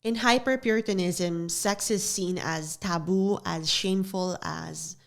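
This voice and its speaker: Solo podcast host, young woman, lowish voice, earnest and confessional, studio-recorded. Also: fairly even intonation, unhurried, creaky. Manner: earnest, confessional, repeats phrases for emphasis. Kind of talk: reflective solo podcast talk.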